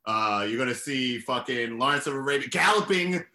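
Bright-voiced, profane man ranting. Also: mid-range voice, moderate pace. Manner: animated, profane, sarcastic. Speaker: podcast co-host. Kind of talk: casual comedic film discussion.

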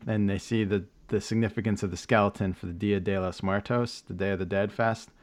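A man's voice: lowish voice, steady tone, fairly quick. Rambling, hesitant male podcast host. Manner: rambling recap with many fillers and restarts; joking asides with laughs. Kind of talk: casual chat.

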